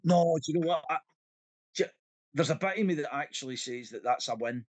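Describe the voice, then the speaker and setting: A man's voice: fairly high pitch, brisk, dry recording. A Scottish man co-hosting a podcast in casual chat, acting out quotes and laughing often. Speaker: podcast co-host.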